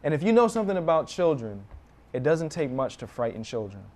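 A man's voice: on the high side, big pitch swings, fairly quick, darkish tone. A young American man preaching a sermon as a guest pastor, telling stories with animation and acting out the cries of children.

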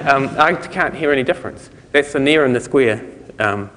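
A man's voice: mid-range voice, fairly bright tone, a little hiss or hum. New Zealand man giving a rambling talk. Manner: loose and rambling, many fillers and restarts, chuckling asides. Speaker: conference speaker. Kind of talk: technical conference talk. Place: lecture hall. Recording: lecture hall with long reverb.

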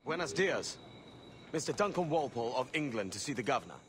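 An actor playing a pirate posing as a gentleman, curt and guarded in his replies. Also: medium pitch, big pitch swings, a little fast, a little hiss or hum.

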